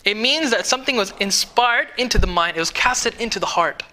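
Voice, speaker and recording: Bright-voiced man teaching a casual lesson. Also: sits high, expressive, fairly quick, slight background noise. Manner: conversational, keeps checking the class understands; mixes in Arabic words and phrases. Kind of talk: casual tafsir lesson to a small group.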